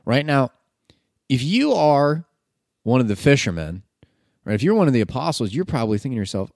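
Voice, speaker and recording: A man's voice: mid-range voice, big pitch swings, fairly quick, gravelly, a little mellow, no room sound, clean studio sound. A man reading scripture and then preaching about it in an earnest, conversational way, with filler words.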